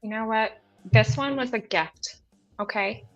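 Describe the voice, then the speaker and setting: A woman's voice: on the high side, measured pace, dull audio. A young woman co-hosting a paranormal live stream in casual, giggly chat with self-deprecating asides. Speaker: paranormal podcast co-host. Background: faint rock music.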